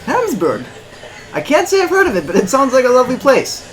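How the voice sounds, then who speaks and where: A player putting on a chirpy high-voiced villager. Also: wildly swooping pitch, brisk, over music, rough recording. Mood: friendly.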